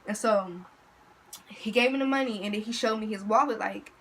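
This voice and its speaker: A teenage girl telling a story in a casual, slangy, animated way to her vlog audience. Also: mid-range voice, moderate pace, slight background noise, low-quality recording. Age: teens. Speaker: vlogger.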